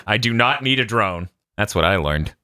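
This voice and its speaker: A man co-hosting a casual gaming podcast, animated and quick to laugh. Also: on the low side, dry recording, clean studio sound. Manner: animated, bursts into laughter and mock voices. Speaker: podcast co-host.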